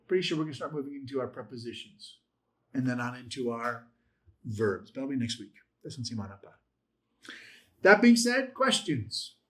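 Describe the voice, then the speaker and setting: A man's voice: mid-range voice, fairly bright tone. A man teaching a Bible language class in a conversational, encouraging way, joking with his students. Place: church classroom.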